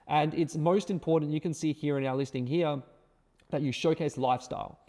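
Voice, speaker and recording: A man's voice: on the high side, steady tone, brisk, dark tone, long reverb tail. A man teaching an online course, talking emphatically with lots of repeated words and tag questions like right and okay. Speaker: course instructor. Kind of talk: screen-share tutorial.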